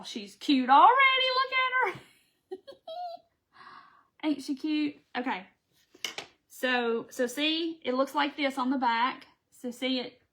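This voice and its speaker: Bright, chatty woman crafting live. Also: a little high. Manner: chatty, folksy, talks to viewers as she works. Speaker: craft channel host.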